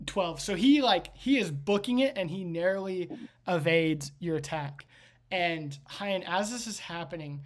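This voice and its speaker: A woman's voice: fairly low pitch, a little slow. A woman game master narrating a tabletop game with vivid, rambling storytelling. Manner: vivid storytelling with frequent restarts.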